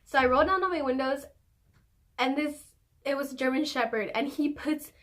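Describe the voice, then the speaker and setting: A young woman vlogger telling a story in casual, animated talk, swearing often and laughing as she goes. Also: sits high, moderate pace.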